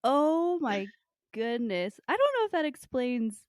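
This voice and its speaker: A woman co-hosting a relaxed podcast, her voice smooth and clear as she shares opinions and laughs along. The recording is dry and close, with no room sound. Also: a little high, a little slow, no echo. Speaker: podcast co-host. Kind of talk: casual chat about a TV show.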